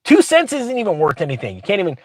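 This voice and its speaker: A man's voice: high voice, wildly swooping pitch, quick pace, no echo, clean studio sound. Sarcastic ranting man in his truck. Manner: sarcastic, grumpy, mocking. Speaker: finance vlogger reading news. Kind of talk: ranting commentary.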